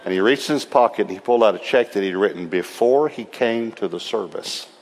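A man with a lowish voice preaches to his church, speaking a little quickly. He's a lively storyteller who laughs along and performs the quoted lines, all under the long reverb of a large hall.

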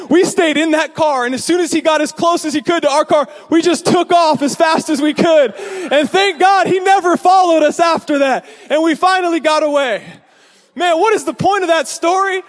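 Animated high-voiced male preacher. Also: brisk, long reverb tail. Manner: animated storytelling, acts out voices. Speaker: pastor. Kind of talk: sermon.

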